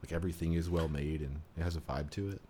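A man's voice: very deep voice, steady tone, quick pace, dark tone, slightly rough. A man co-hosting a podcast in casual chat, rambling and amused, with lots of fillers. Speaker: podcast co-host.

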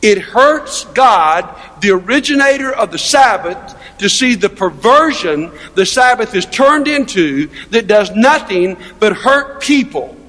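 A man's voice: high voice, lively intonation, measured pace, fairly bright tone. A male pastor preaching a sermon in an emphatic, conversational way, asking his listeners rhetorical questions. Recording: long reverb of a large hall.

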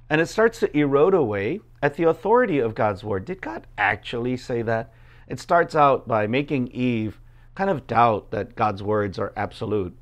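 A man preaching a sermon, first reading scripture aloud, then explaining it in a loose, conversational way full of fillers and quick asides. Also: mid-range voice, muffled recording. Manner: conversational, many fillers, acts out quoted voices. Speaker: pastor.

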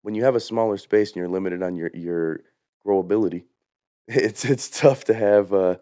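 A man's voice: lowish voice, normal speed, dark tone, no echo, clean studio sound. A man co-hosting a podcast in casual chat, joking and laughing often, talking into a handheld mic. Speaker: podcast co-host.

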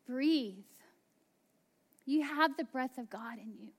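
A woman pastor in her thirties preaching a sermon, slow and emphatic, dropping to hushed asides. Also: sits high, animated, breathy edge.

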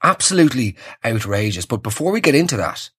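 A man's voice: medium pitch, big pitch swings, fast, a bit bright, husky. A young Irish man hosting his podcast, ranting in a sarcastic, exasperated comic monologue. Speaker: podcast host. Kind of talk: casual comedic monologue.

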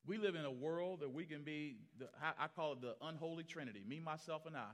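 A man preaching as pastor, telling stories animatedly and acting out the people he quotes, swinging from loud to hushed. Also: a little high, fast. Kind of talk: sermon storytelling.

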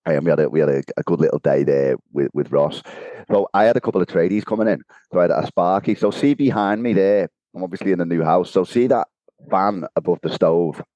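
Deep-voiced man telling a story. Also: brisk, warm tone, no echo, dull audio. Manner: storytelling, laughs often. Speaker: podcast co-host. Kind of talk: casual chat. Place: home kitchen.

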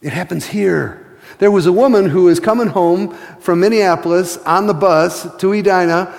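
A man preaching a sermon, telling stories with passion and slowing to a hush for emphasis. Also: sits high, vocal fry, big-room sound. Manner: impassioned storytelling, slows to a hush for emphasis. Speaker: pastor.

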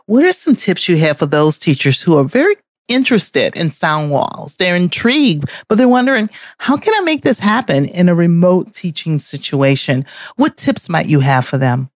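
A moderator guiding a panel and asking clear questions in a measured way. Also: mid-range voice, very animated, no room sound, clean studio sound.

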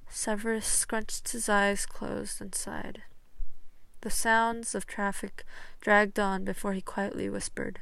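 Brief: woman audiobook narrator, unhurried, slight fry, dead-dry mic. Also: mid-range voice, level tone, fairly bright tone, no room sound. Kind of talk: audiobook fan fiction reading.

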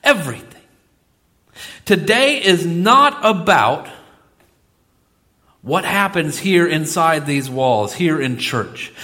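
A middle-aged male pastor preaching a sermon in a church, swinging between loud exclamations and soft asides. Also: fairly high pitch, very animated, takes it slowly, pauses often. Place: church sanctuary.

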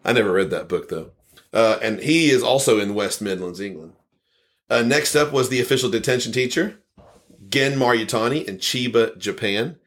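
A man's voice: medium pitch, lively intonation, moderate pace, fairly bright tone. A man hosting a podcast, reading listener comments aloud in a casual, rambling way and chuckling often. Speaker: podcast host.

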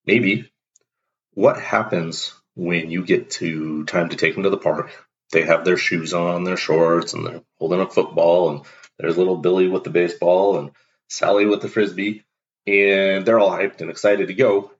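A man with a low, deep voice delivers a blunt, emphatic motivational monologue as a show host. He acts out little everyday exchanges to make his points. The recording sounds dull and lo-fi. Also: normal speed.

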